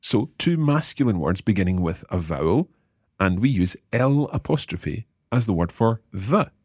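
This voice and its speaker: Male language teacher, low voice, lively intonation, close dry mic. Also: husky, no room sound. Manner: patient, encouraging, slows down to repeat phrases. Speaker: language course host. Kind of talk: teaching Italian phrases.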